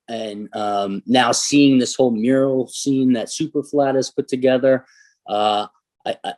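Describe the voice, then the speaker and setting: A man's voice: mid-range voice, darkish tone. A man from Massachusetts, a guest artist, answers interview questions in a reflective, hesitant way with many fillers. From New Bedford, Massachusetts.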